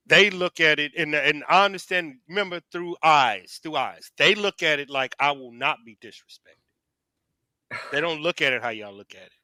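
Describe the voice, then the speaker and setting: An assertive man lays out his views in a preachy, casual way. His voice is very bright and sharp, a little high, and smooth, and the recording is dry and close. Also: brisk, hardly any pauses, no room sound. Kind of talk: casual opinionated chat.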